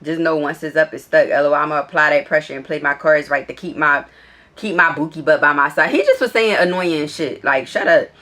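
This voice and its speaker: A woman's voice: sits low, a little fast, a bit bright. A woman vlogger telling a story in a casual, blunt and profane way, reading out text messages as she scrolls through them. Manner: blunt, profane, exasperated retelling; reads texts aloud while scrolling.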